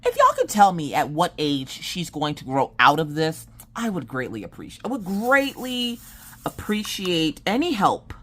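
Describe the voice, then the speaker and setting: A woman in her thirties, casually telling a family story and acting out her family's lines in a jokey way. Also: sits low. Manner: animated, jokey, acts out family members' lines. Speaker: vlogger telling family stories.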